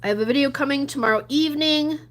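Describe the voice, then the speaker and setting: A woman talking to her viewers on a casual livestream. She is chatty and animated, laughing often. Her voice swings from lively bursts down to low mutters and whispers. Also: fast. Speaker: gambling livestreamer. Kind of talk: casual livestream chat, answering viewer comments.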